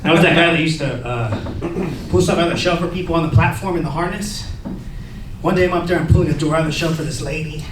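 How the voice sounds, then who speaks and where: A man in his thirties works a stand-up set in a loose, profane way, calling people "bro" and "man." His voice sits high and carries from a distance. The room is echoey, and the crowd is clearly heard throughout. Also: fast, background noise. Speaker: stand-up comedian. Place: comedy club stage. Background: laughing audience.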